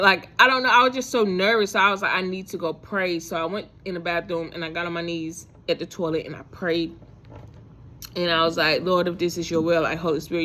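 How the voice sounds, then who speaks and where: A woman's voice: fairly low pitch, fairly bright tone. Woman telling a story, rambling with fillers. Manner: rambling, many fillers and restarts. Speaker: vlogger. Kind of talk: casual faith storytelling to camera.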